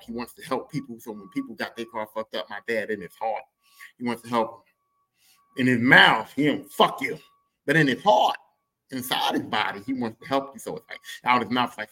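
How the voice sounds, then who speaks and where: A man telling a comic story on his podcast, animated and profane, repeating lines for emphasis. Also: mid-range voice, husky. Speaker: podcast host.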